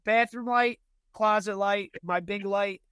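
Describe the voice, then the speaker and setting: A man's voice: high voice, fairly even intonation, a little slow, a bit bright, clean tone, dry recording. A young man telling ghost stories in casual chat, rambling with lots of fillers and restarts. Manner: rambling, filler-heavy storytelling.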